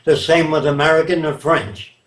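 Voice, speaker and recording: A man's voice: on the high side, fairly even intonation, moderate pace, fairly bright tone. Older man lecturing emphatically in a roomy space. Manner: lecturing, emphatic, asks rhetorical checks. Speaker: interviewee. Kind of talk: reflective interview answers. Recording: roomy echo.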